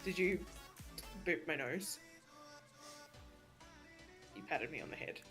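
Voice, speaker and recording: A woman's voice: low-pitched, expressive, slow pace, fairly bright tone, soft background music. A woman co-hosting a live stream, chatting playfully and acting out little quotes in mock voices. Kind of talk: casual chat on a live stream.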